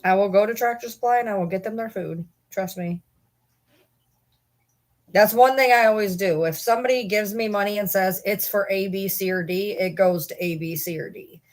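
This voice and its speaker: A woman's voice: medium pitch, moderate pace. A woman hosting a casual livestream, chatting and rambling to viewers and swearing casually. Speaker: livestream host.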